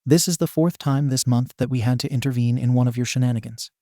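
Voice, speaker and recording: A man's voice: medium pitch, fairly even intonation, fast, dark tone, no echo, studio quality, close to an everyday voice. A man voicing a stern, tired middle-aged detective in a storybook reading. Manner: stern, weary.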